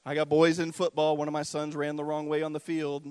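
A middle-aged man preaching a sermon with great passion. He swings between loud, fervent cries and hushed near-whispers. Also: on the high side, completely flat delivery, brisk, clear, resonant tone, no room sound. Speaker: pastor.

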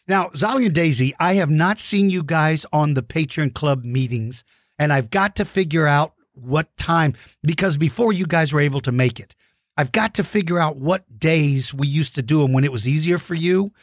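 A man hosting a dinosaur show for kids, giving playful, enthusiastic shout-outs to young fans. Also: a little high, no echo, clean studio sound. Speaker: host of a kids' dinosaur show.

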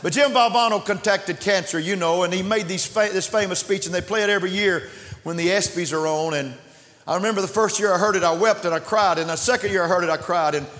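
A man preaching a sermon in a church, impassioned, swinging between shouts and hushed asides. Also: high voice, fast. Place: church sanctuary. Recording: long church reverb.

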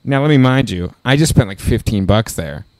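A man in casual conversation, spinning an animated story at a mid-range pitch. He leans on "like" and "dude" and breaks into laughter often, with a loose, conversational delivery. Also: normal speed, no room sound. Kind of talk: casual chat.

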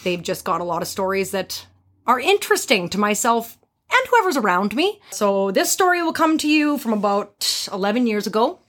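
A woman who works as a hairstylist, telling a story on a podcast in a blunt, animated way and swearing freely. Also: medium pitch, normal speed.

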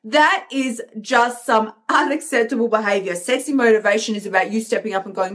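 Peppy woman coach on a live stream, high-ish voice, acts out the voices in your head. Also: brisk, hardly any pauses. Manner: energetic, emphatic, acts out inner voices. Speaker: host, coach. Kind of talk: motivational live stream talk.

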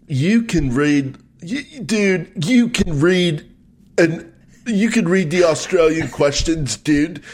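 A man's voice: a little high, lively intonation, slow pace, a little mellow, voice pushed up. A man putting on an exaggerated American surfer accent, drawing out his words and tacking "dude" onto them. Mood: mocking.

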